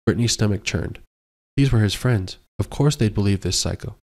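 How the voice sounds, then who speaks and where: A man narrating a romance audiobook in a measured storytelling manner. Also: lowish voice, a little mellow. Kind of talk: scripted narration.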